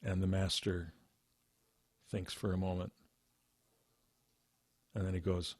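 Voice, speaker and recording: Animated man telling spiritual stories, dry. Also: sits low, takes it slowly, no echo. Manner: animated storytelling with laughs and asides. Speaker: meditation teacher. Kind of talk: casual spiritual talk.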